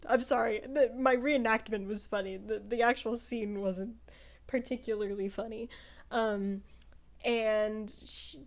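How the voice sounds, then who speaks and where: A woman's voice: medium pitch, slow. A young woman in casual chat, reviewing a book in a rambling way with lots of fillers. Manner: chatty, rambling, full of "like" and "um" fillers.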